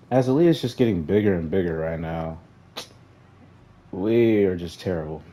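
Young gaming commentator, male, deep and dark-toned, frustrated running play-by-play of his own match. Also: normal speed, long pauses. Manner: frustrated, talks to players on screen, flat sighs between outbursts. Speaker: gaming YouTuber. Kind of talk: casual gameplay commentary.

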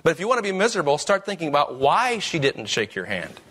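A man's voice: a little high, big pitch swings, fast talker, a bit bright, slightly rough. A man preaching a sermon as pastor, with emphatic, rising questions.

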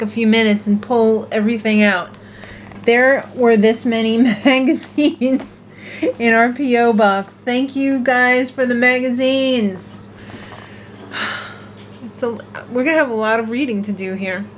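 Brief: unhurried woman vlogger, slightly high voice, chatty storyteller, faint room noise. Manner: chatty, animated storytelling with laughs. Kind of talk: casual vlog chat.

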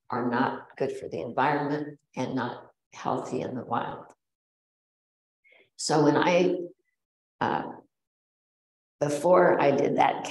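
A woman giving a public talk to a bird society, earnest and conversational, mixing facts with personal stories and pausing on fillers. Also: sits low, darkish tone. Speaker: guest speaker at a bird society meeting. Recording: roomy echo.

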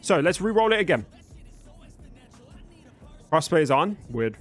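A young British man with a mostly neutral accent and a fairly high voice hosts a live stream. He chats in a loose, friendly way, thanks viewers and reads out the chat. Soft music plays faintly behind him. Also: big pitch swings, normal speed, creaky, pauses often. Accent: British English, mostly neutral. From Birmingham, England. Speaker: streamer host.

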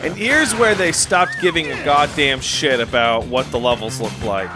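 A man co-hosting casual gaming commentary, excitable and profane, jumping to shouts. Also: mid-range voice, normal speed. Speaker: let's play co-host. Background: game music.

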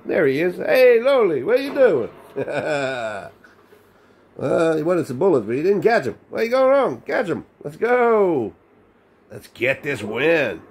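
A high-pitched Australian man narrating his gameplay in an unhurried, playful way. His voice swings widely up and down as he chuckles along and throws out sing-song exclamations, with a faint hiss behind him. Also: creaky, darkish tone. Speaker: gaming channel host. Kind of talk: casual gameplay commentary.

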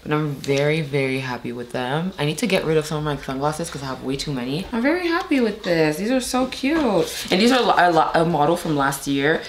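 Young woman vlogger, hoarse and low, rambling chatty delivery, roomy noisy home recording. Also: big pitch swings, a little fast, hardly any pauses. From Montreal, Canada. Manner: rambling, filler-heavy, emotional. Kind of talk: casual vlog chat to camera. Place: indoors at home. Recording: echoey room with noise.

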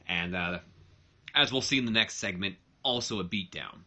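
A man's voice: lowish voice, moderate pace, bright, forceful tone. A man giving casual commentary on a wrestling management game, rambling and correcting himself as he goes. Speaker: let's play narrator.

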